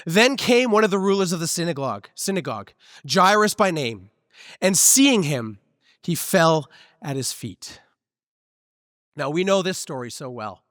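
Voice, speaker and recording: High-voiced man preaching a sermon. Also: unhurried, long pauses, no echo, studio quality, in a large hall. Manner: conversational, relaxed preaching with personal stories. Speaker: pastor. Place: church sanctuary.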